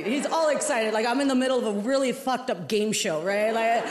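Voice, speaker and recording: A woman comedian telling a story on stage, animated and acting out each line of dialogue. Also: on the high side, normal speed, heavy background noise. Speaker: stand-up comedian. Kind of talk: stand-up storytelling. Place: comedy stage before a live audience. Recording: echoey venue with loud crowd. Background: loud audience laughter.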